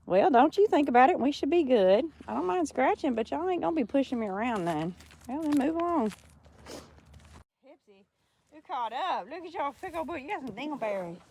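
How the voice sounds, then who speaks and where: A woman's voice: high voice, sing-song, brisk, a little mellow, slight background noise. A woman, cooing affectionate baby talk to cows outdoors on a farm, recorded on a handheld phone. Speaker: farmer. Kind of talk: casual talk to animals.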